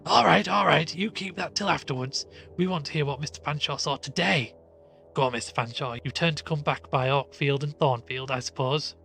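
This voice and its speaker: A man doing a brisk, commanding squire. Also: fairly high pitch, vocal fry, pushed and bright, soft background music.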